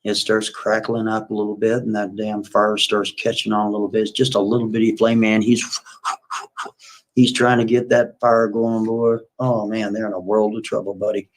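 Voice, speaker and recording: A man hosting a livestream, retelling a story in a casual, folksy way with repetitive, animated asides. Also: fairly low pitch, normal speed, poor audio.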